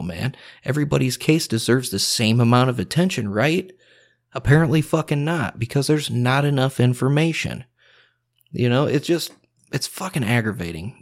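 A man hosting a podcast, talking bluntly in a heated, profane, unscripted rant. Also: medium pitch. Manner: heated, blunt and swearing constantly. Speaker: podcast host.

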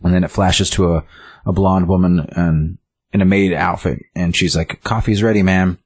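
Casting: low, husky-voiced guy, loose and rambling recap, dry room. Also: flat delivery, normal speed, no room sound. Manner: rambling, full of "like" and restarts. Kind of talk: casual recap of a story.

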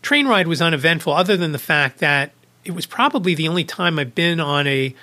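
A man's voice: fairly high pitch, lively intonation, brisk, pushed and bright. A man hosting a podcast, casually retelling a personal anecdote with small restarts. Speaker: podcast host. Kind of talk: casual storytelling vlog.

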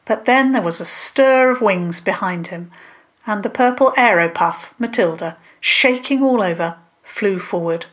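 Slow, gentle woman storyteller. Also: medium pitch. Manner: gentle, unhurried narration. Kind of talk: children's storybook reading.

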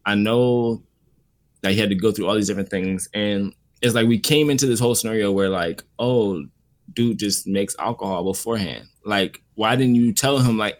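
A man with a fairly low voice talks through an anime series in a loose, rambling way. He leans on filler words as he works out his opinions in casual podcast chat. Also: normal speed. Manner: relaxed, rambling, frequent "like" fillers. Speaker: co-host reviewing an anime series.

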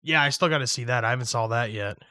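A young man chatting casually about movies and shows, swearing a lot and shouting when he acts out yelling. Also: mid-range voice, quick pace, no echo, studio quality. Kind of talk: casual chat.

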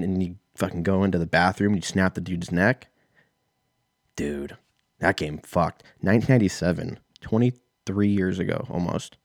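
A man in his thirties hosts a casual solo podcast, spinning a rambling, profane story that pokes fun at himself. His voice is low-pitched and the recording is studio quality with no echo.

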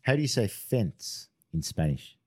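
A man's voice: fairly low pitch, very animated, a little slow, slightly rough. A man, chatting on a casual podcast in a rambling way, restarting his sentences and swearing freely.

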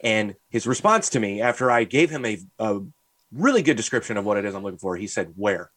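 A young man co-hosting a podcast, swearing freely and telling animated rants full of mimicked voices. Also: fairly low pitch, quick pace, dry recording. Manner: profane, animated storytelling; rants and mimics people in stories. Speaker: podcast co-host. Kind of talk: casual chat.

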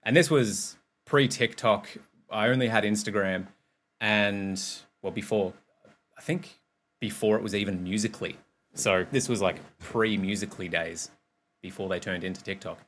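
A man's voice: on the low side, fairly even intonation, normal speed, a bit bright, a little hiss or hum. A man hosting a podcast, talking candidly and rambling in a casual monologue, swearing freely. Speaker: podcast host and personal trainer. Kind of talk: casual monologue, also streamed live.

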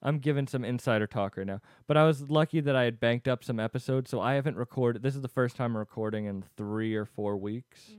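A man's voice: mid-range voice, a little fast, few pauses, a little mellow, clear, resonant tone, dry recording, studio quality. A man hosting a self-help podcast, chatting frankly and casually with a guest, swearing and joking now and then. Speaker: podcast host.

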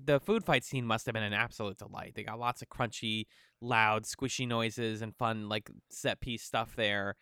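Casual male podcast co-host, smooth clear voice, dry close mic, rambly with lots of "like". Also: fairly low pitch, normal speed, no room sound. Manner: rambling, filler-heavy, animated impressions. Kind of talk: casual chat.

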